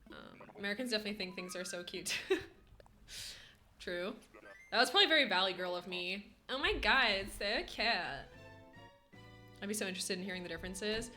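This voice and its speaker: A woman's voice: mid-range voice, fairly quick, sharp tone, soft background music. A Canadian woman streaming a game, chatting casually with her chat, giggly and full of "like" fillers. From western Canada. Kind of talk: casual live-stream chat while gaming.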